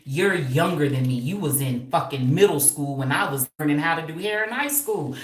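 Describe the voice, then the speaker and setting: A woman's voice: sits low, slight background noise. A woman of fifty hosting a casual livestream from home, brash and profane and laughing often as she reads viewer comments. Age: 50s. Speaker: hairstylist and livestream host. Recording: echoey room.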